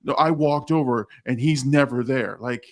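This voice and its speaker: A man co-hosting a casual podcast, telling animated stories full of quoted dialogue, with frequent restarts. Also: medium pitch, normal speed. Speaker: podcast co-host, HR professional. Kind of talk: casual chat.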